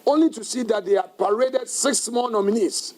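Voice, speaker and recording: A man, a parliamentary caucus leader giving a measured, deliberate press conference statement that turns emphatic and defiant. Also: extremely high pitch, darkish tone, poor audio.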